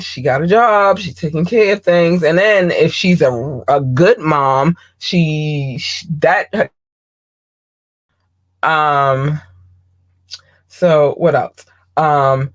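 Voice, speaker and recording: A woman hosting a podcast, talking bluntly and candidly in a casual monologue, swearing freely and often pausing with ums. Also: low-pitched. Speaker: podcast host.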